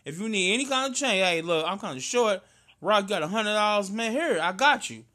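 St dude riffing with his cousin, loud and animated, slightly high voice. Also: brisk, slight background noise. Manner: loud, animated storyteller, slangy and emphatic. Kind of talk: casual chat between cousins.

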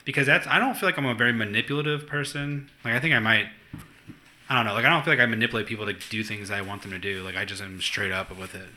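A man's voice: lowish voice, pushed and bright. A man hosting a casual podcast chat, rambling and joking with friends. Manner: rambling, jokey, quick banter. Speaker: podcast host.

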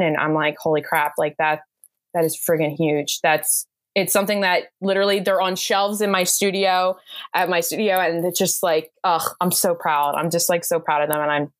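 Brief: American woman guest, low-ish voice, effusive and chatty, dry close sound. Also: fairly even intonation, moderate pace, dry recording. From United States. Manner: effusive, gushing, repeats "quite literally". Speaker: guest, bridal makeup artist. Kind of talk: casual interview chat.

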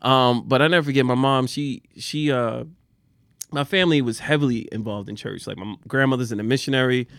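A man co-hosting a casual chat, animated and quick to laugh loudly. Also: medium pitch, vocal fry, no echo, studio quality. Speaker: podcast co-host.

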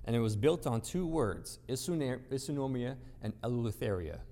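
A man with a medium-pitched, warm, animated voice preaches a sermon to an assembled crowd at normal speed. He speaks emphatically, posing rhetorical questions and repeating phrases to build his points. The recording carries the long reverb of a large hall.

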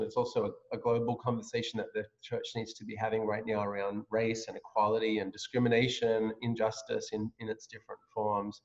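A man from Australia hosting a casual video-call interview, friendly and halting with fillers. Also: medium pitch. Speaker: pastor hosting an interview series. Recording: slightly dull lo-fi audio.

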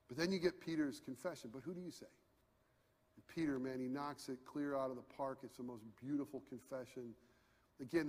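A man preaching a sermon in a conversational, animated way, swinging from quiet asides to near shouts. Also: mid-range voice, husky. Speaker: pastor. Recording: long hall reverb.

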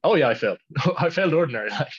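A teenage Irish lad chatting casually, telling rambling stories and laughing mid-sentence. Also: male voice, fairly high pitch, expressive, rapid-fire, slightly rough. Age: teens. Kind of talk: casual chat. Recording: dull lo-fi sound.

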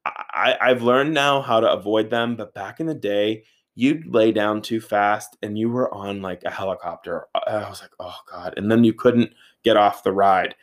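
A man in his thirties telling a casual, animated story, swearing freely and saying "like" a lot. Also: on the low side, normal speed, hardly any pauses. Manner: animated, profane, filler-heavy with frequent "like".

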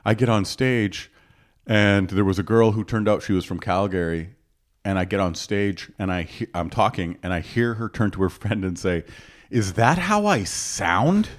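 A Canadian stand-up comedian with a Canadian accent, chatting on a podcast as an animated storyteller who often restarts his sentences. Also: low-pitched, moderate pace. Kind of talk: casual podcast chat.

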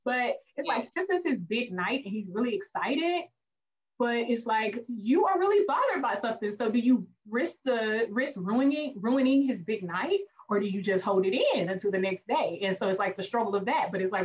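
A woman co-hosting a casual movie review podcast, speaking, animated, acting out lines from the film and laughing often. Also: fairly high pitch, moderate pace, recorded from a distance, highs cut off. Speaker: podcast co-host.

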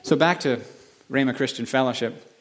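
A male pastor giving a conversational sermon that swings between quiet, reflective passages and emphatic building moments. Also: medium pitch, moderate pace.

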